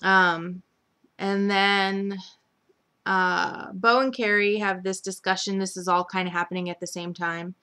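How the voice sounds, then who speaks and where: A young woman with a mid-range voice chats about a week of soap opera episodes, peppering her recap with "like" and "um" and briefly imitating the characters. Her tone is steady, sharp, and clean, and she speaks at a measured pace in a casual recap style.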